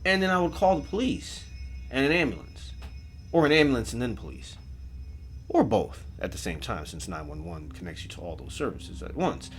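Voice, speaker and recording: A man telling a comedic first-person horror story, profane, jumping between loud outbursts and hushed asides. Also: fairly low pitch, sing-song, moderate pace, breathy edge, faint music behind.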